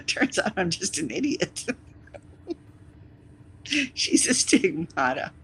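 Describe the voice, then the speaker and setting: A live streamer chatting casually with viewers, rambling and teasing, with sudden loud bursts and quick whispered asides. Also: medium pitch, vocal fry, slightly rough, poor audio.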